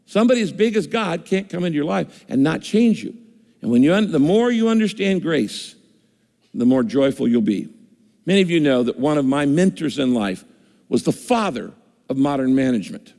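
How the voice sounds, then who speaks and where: A man's voice: fairly high pitch, creaky, darkish tone. An older man preaching a sermon in a conversational way, voicing listeners' objections as he goes. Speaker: pastor. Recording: long reverb of a large hall.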